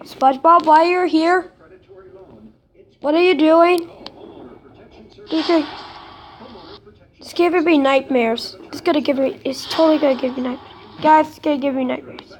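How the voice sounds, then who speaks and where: High-voiced excitable woman narrating a game. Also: a little slow, pauses often, poor audio. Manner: excitable, chatty, reacts aloud to the game. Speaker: gamer. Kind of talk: casual gameplay commentary. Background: loud game music.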